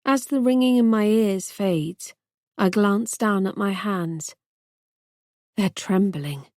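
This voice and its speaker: A woman narrating a first-person thriller audiobook in a tense, measured way. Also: mid-range voice, a little mellow, no room sound, studio quality.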